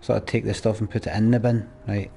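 A man's voice: lowish voice, level tone, fast, creaky, warm tone, soft background music. A Scottish man chatting and ranting as he plays a game, swearing freely. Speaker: gamer. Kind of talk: let's play commentary.

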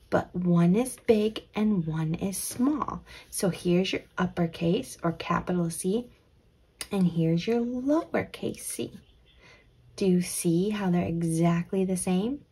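A young woman leads a children's letter lesson in a slow, unhurried way, her voice soft and breathy. She stretches her words gently and now and then slips into a whisper. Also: on the low side. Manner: gentle, drawn-out, dips into whispers. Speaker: kids' teacher.

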